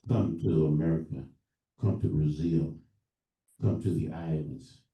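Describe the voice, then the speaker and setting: An earnest elder with a low, dark voice leads a libation during a live church service, giving a preaching-style address to the congregation with halting pauses and restarts. He is heard from far off in the echoey church hall.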